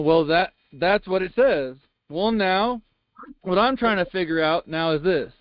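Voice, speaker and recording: High-pitched male reader, emphatic and folksy, reading a sermon transcript over a muffled, dry call line. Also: no echo. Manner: emphatic, with frequent rhetorical questions; folksy double negatives. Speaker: Bible class reader.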